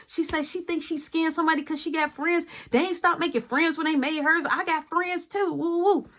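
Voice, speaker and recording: A woman's voice: sits high, moderate pace. A woman telling a personal story in a casual storytime style, acting out each quoted voice with lots of energy. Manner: animated, acts out every quoted voice.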